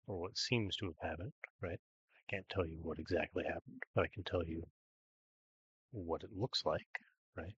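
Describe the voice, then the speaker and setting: A man's voice: low-pitched, normal speed, pauses often, fairly bright tone, husky, no room sound, muffled recording. A man hosting a daily gameplay video, thinking aloud in casual commentary with many ums and "right?"s.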